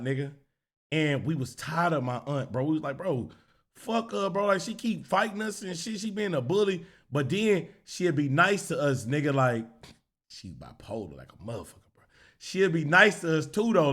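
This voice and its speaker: Loud, profane man telling stories. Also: high-pitched. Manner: loud, profane, laughing, acts out characters. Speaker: streamer. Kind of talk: animated storytelling.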